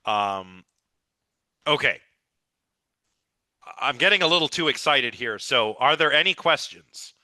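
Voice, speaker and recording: A man's voice: medium pitch, expressive, measured pace, pauses often, pushed and bright, no room sound. A man lecturing a live philosophy class with eager, rambling enthusiasm, his voice a little scratchy. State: slightly scratchy voice.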